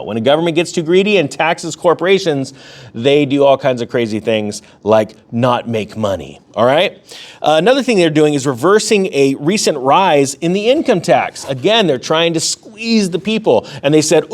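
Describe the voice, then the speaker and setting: Wisecracking man, fairly high voice. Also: animated. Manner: sarcastic, joking asides with quick swings in pitch and pace. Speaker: host of an economics news channel. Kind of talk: casual news commentary.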